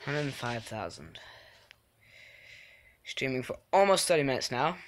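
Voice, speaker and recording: A young man casually commenting on his own game live, excitable and quick to get frustrated at other players. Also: medium pitch. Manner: excitable, swings from mumbling to yelling in frustration. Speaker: game streamer.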